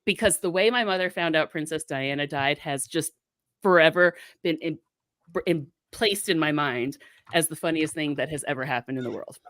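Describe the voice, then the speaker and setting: Brief: woman storyteller, lowish voice, lively anecdote delivery, dry room. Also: normal speed, no room sound. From South Florida, US. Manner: animated, acts out voices in her anecdote. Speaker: guest. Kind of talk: casual storytelling.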